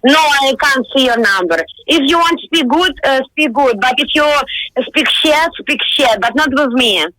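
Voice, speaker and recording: A woman's voice: high-pitched, expressive, moderate pace, sharp tone, no echo. A young woman in her twenties with a Russian accent and Russian as her first language, speaking blunt, irritated broken English on a phone call. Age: 20s. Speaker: prank call target.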